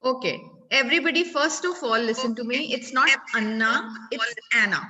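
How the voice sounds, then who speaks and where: A woman with an Indian accent teaches a class over a video call. She is firm and keeps repeating orders for quiet. Her voice is high and bright, and the audio is muffled with a long echo. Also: a little fast.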